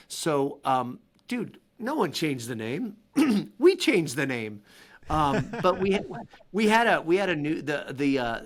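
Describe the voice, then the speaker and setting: A man talking as a podcast guest, telling stories in an animated, excitable way with quick restarts. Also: medium pitch. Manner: animated, excitable storyteller with laughs and frequent restarts. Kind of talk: casual interview storytelling.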